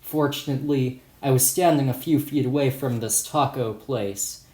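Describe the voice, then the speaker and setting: A man's voice: mid-range voice, moderate pace, dark tone. A man reading his own first-person story as an audiobook in a plain, matter-of-fact way. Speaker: author and narrator. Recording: roomy echo.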